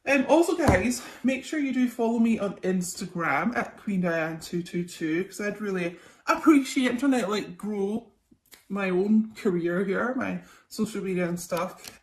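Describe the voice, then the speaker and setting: A woman's voice: medium pitch, measured pace. A young woman, a tarot reader, chatting casually through a psychic reading with lots of ums and okays. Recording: echoey room, faint noise.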